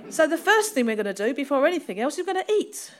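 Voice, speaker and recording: A woman's voice: high voice, big pitch swings, fast talker, a faint crowd. A woman from London's East End with a Cockney accent, preaching an informal, laughing, self-deprecating sermon.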